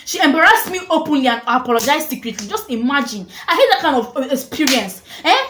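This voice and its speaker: A young woman telling a storytime vlog, animated and dramatic, laughing often. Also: sits high, fast talker, few pauses. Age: young adult. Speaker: vlogger. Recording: echoey room with faint noise.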